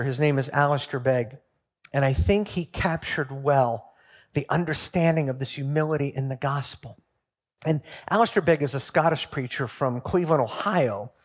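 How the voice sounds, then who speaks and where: A male pastor preaching a sermon in a storytelling manner, building to emphatic peaks. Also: on the high side.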